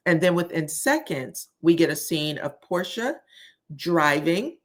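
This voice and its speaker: Woman vlogger with a lowish voice, chatty and opinionated, recapping reality TV for her followers. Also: sing-song, unhurried. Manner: chatty and opinionated, addresses viewers as "y'all". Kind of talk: casual recap vlog.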